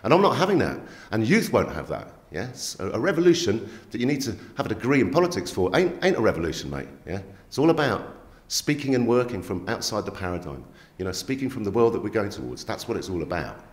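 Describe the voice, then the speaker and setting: A man, a magazine editor telling stories in an animated interview, emphatic and streetwise, often checking in with "yeah?" and "right?". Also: fairly low pitch, fast. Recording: echoey room.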